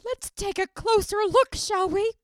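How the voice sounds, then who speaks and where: A woman's voice: very high-pitched, measured pace, no room sound, clean studio sound. A woman playing a petulant, defiant teenage girl with whiny, melodramatic outbursts. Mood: spiteful.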